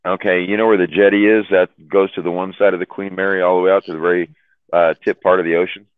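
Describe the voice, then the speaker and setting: Man, deep voice, loose profane yarn-spinner on a call; phone-thin audio. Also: little pitch movement, fast talker, clean tone, no room sound. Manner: rambling, profane, repeats words, laughs at own stories. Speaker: chat room host telling stories. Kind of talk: casual storytelling on a call. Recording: tinny phone-line sound.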